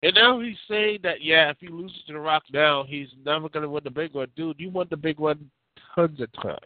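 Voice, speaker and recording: Over a tinny phone line, a man hosts a casual call-in talk show, rambling through opinionated takes packed with fillers and restarts. His voice runs somewhat high and a bit quick, with no room sound at all.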